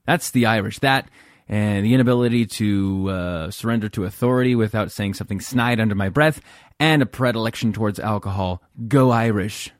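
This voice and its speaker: A man from Central California talks through a casual solo podcast monologue from home, wry and self-deprecating, drifting from one thought to the next. His voice sits on the lower side, and the sound is close and dry with no room to it. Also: fairly quick, no room sound. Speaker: podcast host.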